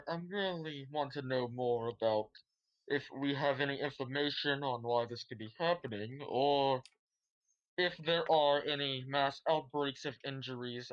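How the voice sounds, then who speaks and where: A man playing his character in a tabletop game, speaking hesitantly with halting pauses. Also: medium pitch, highs cut off. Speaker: player.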